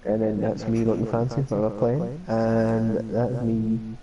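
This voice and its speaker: A man's voice: lowish voice, little pitch movement, unhurried, warm tone, highs cut off, a little hiss or hum. A man chatting casually and crudely while streaming a game, swearing and joking. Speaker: live-stream gamer. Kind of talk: casual gaming chat.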